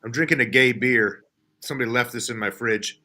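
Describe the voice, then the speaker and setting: A man's voice: medium pitch, fairly quick, background noise. A man chatting casually on a podcast in an offhand, joking way. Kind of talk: casual chat.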